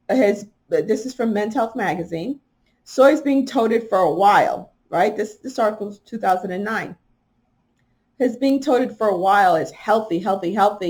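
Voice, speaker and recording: A woman's voice: mid-range voice, darkish tone. A woman hosting a talk show, reading from an article and commenting on it, with emphatic stress and repeated key words. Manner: talks straight to listeners, asking them questions. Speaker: podcast host.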